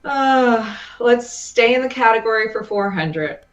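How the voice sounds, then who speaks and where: A woman's voice: fairly high pitch, animated, unhurried, lo-fi sound. A middle-aged woman playing a casual quiz game, choosing categories and giving answers with some hesitation. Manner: hesitant, picks categories with little sighs of "oh, boy". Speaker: quiz contestant.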